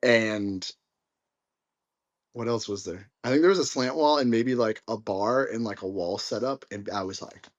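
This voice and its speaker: A young man guest on a podcast, telling stories in a lively way with lots of filler words. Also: on the low side, moderate pace. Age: young adult. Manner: storytelling, animated, many fillers like "like". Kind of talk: casual conversation.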